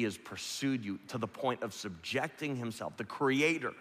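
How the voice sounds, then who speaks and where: Earnest preaching man, forceful voice. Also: mid-range voice, lively intonation, normal speed. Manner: earnest, repeats phrases for emphasis. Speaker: pastor. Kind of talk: sermon. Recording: long hall reverb.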